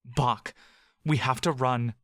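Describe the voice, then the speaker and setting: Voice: medium pitch, fairly even intonation, slow, fairly bright tone, no room sound, clean studio sound. The audio drama narrator voicing Laurel, a kind, wounded male shapeshifter healer, in an urgent and reassuring manner.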